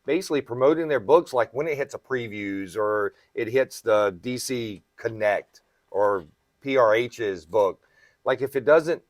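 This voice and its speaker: A man's voice: mid-range voice, measured pace, no echo, clean studio sound. A man hosting a podcast as a comic shop retailer, explaining things at length in casual chat and often checking in with "right?".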